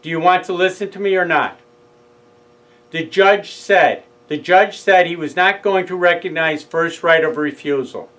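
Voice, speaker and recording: A middle-aged man with a New York accent tells his own story at an unhurried pace. His voice sits a little high for a man. He slips into both sides of a heated phone argument as he retells it. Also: fairly bright tone, rough recording. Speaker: speaker recounting a legal case. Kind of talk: casual storytelling monologue.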